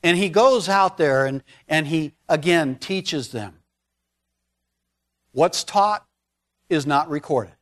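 A high-voiced man retelling a scripture story from the pulpit. He talks in a conversational, folksy way, drifting into casual asides as he preaches. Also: lively intonation, slow pace, pauses often, a bit bright. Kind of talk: storytelling sermon.

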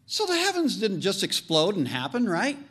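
A man preaching a sermon as pastor, animated and joking, leaning on slow emphatic phrases. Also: high voice.

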